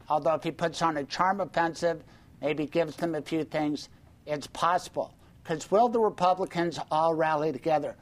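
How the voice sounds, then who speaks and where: A man who hosts a radio show, giving measured, analytical political commentary on a panel. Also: on the high side.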